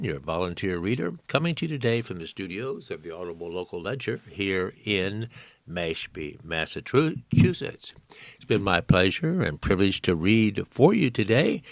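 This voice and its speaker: Gravelly man reading the news folksily. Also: low voice, no room sound. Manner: folksy, aside-prone, amused. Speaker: volunteer newspaper reader. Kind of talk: news reading with chatty asides. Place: radio reading studio.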